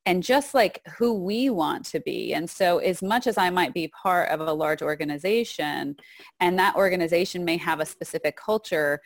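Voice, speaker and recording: A woman's voice: fairly low pitch, no room sound, studio quality. A woman co-hosting a podcast, speaking in a thoughtful, reflective way. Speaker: podcast co-host. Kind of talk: casual podcast chat.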